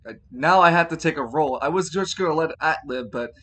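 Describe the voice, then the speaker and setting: A man running a tabletop game as game master, laughing often and yelling for comic effect. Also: a little high, fairly quick, a little hiss or hum. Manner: animated, laughs a lot, yells comedically.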